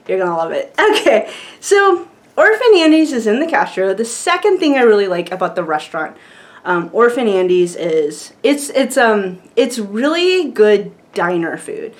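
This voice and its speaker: A woman vlogger chatting casually to camera, rambling with lots of fillers and frequent laughs. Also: medium pitch.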